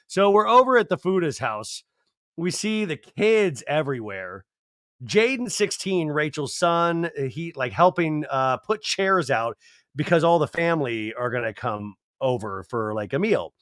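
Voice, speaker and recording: A man hosting a podcast, giving an animated, digressive, jokey recap of a reality show. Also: a little high, unhurried, dry recording, studio quality. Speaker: podcast host. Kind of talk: casual comedic TV recap.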